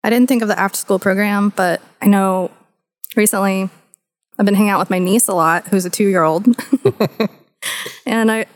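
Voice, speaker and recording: A woman's voice: mid-range voice, moderate pace, pauses often. A woman co-hosting a casual talk, telling open personal stories with easy laughs and lots of "like" fillers. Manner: candid storytelling, laughs easily, many "like" fillers. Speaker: podcast co-host. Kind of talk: casual discussion.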